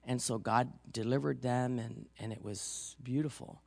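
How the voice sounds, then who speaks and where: A woman's voice: very deep voice, steady tone, moderate pace, gravelly, darkish tone, no echo. A woman pastor preaching in a loose, chatty storytelling way, full of asides. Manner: chatty storytelling, frequent "you know", laughs easily. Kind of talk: conversational sermon.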